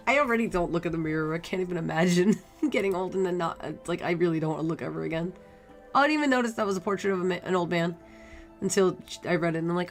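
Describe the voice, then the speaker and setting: A young woman live-streaming a cozy game, chatting and laughing as she slowly reads its text aloud. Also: lowish voice. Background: faint game music.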